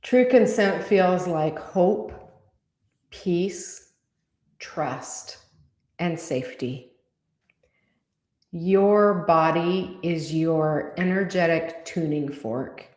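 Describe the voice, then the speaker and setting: A woman co-hosting a podcast, channeling spirit guidance in a calm, measured, deliberate way. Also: fairly low pitch, echoey room.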